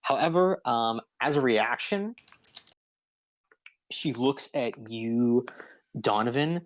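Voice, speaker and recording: Slow, dry-voiced male game master. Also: mid-range voice, dry recording. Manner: unhurried, with frequent ums and uhs. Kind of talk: narrating a tabletop game.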